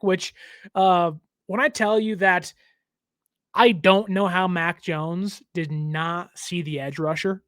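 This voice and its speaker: A man hosting a team show, giving a casual, jokey, animated breakdown of a football game. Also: sits high, no echo, studio quality. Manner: animated, jokey, lots of fillers. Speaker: team podcast host.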